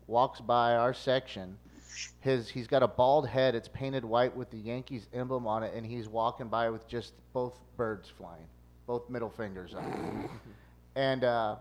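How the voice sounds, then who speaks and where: Brief: man in his forties, talk host, animated storyteller, mid-range voice. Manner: animated storyteller, jumps high for quoted shouts. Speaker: podcast host. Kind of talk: casual chat.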